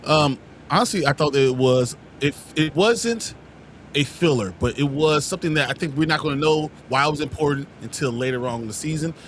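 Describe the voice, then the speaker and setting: A man on a podcast panel with a slightly higher-pitched voice, giving rambling, thoughtful takes. He restarts his sentences often, with a faint noise behind him. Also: fairly quick. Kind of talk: casual chat.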